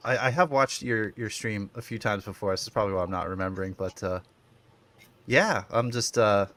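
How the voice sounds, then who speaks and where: Brief: man, low voice, shy guest, stammers on restarts. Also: brisk, fairly bright tone. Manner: modest, hesitant, stammering restarts. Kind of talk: casual livestream panel chat.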